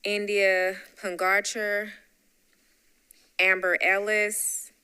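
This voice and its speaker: A woman's voice: mid-range voice, flat delivery, extremely slow, clean tone. A woman with a Southern US accent chairing a public council meeting, calling the roll and adding chatty, apologetic asides. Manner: warm, chatty asides between names.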